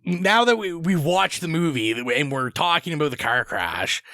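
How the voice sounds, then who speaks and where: A man's voice: on the high side, lively intonation, moderate pace, sharp tone, no room sound, studio quality. A man co-hosting a podcast, chatting casually and animatedly, swearing and laughing often. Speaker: podcast co-host. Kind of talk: casual chat.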